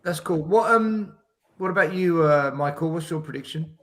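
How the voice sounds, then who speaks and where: A man's voice: fairly high pitch, normal speed, fairly bright tone. A man hosting a casual football chat, running through guests' score predictions. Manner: banters with guests, runs the predictions. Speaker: podcast host.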